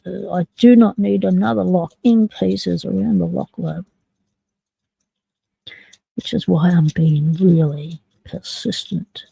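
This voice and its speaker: A South Australian woman with an Australian accent has a medium-pitched, gravelly, dark and slightly rough voice, captured in a rough recording without echo. She hosts a live stream, picking locks while chatting and joking casually with viewers.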